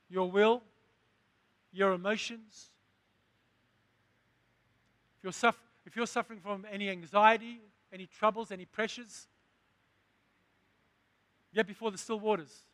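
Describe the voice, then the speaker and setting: A man's voice: high voice, steady tone, measured pace, long pauses, a bit bright, dry recording. A man preaching a sermon, asking the congregation questions and building to emphatic lines. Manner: call-and-response preaching, rising to emphatic.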